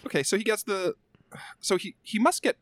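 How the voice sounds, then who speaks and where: A man's voice: high voice, lively intonation, moderate pace, a bit bright, dry recording, studio quality. A man co-hosting a podcast in casual chat, rambling, joking and swearing freely. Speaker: podcast co-host.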